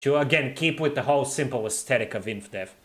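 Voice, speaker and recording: A young man chats casually on a live stream, reading viewer comments, teasing, laughing often, and tripping over and repeating his words. His mid-range voice is fast and a bit bright.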